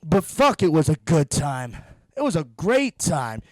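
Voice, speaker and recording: A man's voice: on the high side, very animated, unhurried, dry recording. A young man ranting through a profane, sarcastic comedy monologue, a little out of breath from pacing. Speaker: podcast host.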